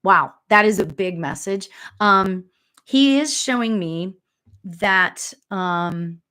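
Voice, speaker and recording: A woman's voice: mid-range voice, lively intonation, slow, bright, forceful tone. Chatty, giggly woman medium. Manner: chatty, giggly, lots of fillers and asides. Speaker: spiritual medium. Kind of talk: live reading, casual chat.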